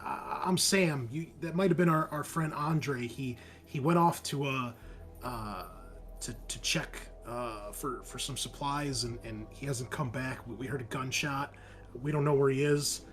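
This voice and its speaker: Guy putting on a jumpy young dude who can't stop stammering, voice pushed up higher than usual. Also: measured pace, faint music behind, lightly acted. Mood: anxious. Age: young adult. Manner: stammering, repeating words. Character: nervous stammering young man survivor.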